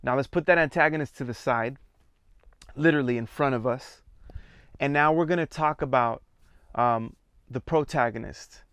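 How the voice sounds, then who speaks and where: A theatre workshop leader with a smooth, resonant, medium-pitched voice guides an exercise, calmly counting students in and prompting them in measured steps. The sound is close and dry, with no room sound.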